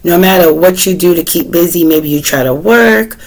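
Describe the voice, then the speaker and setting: A woman's voice: lowish voice, moderate pace, a little mellow, poor audio. Chatty Boston woman reading tarot. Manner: chatty, asks the cards questions aloud, clears throat often. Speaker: tarot reader.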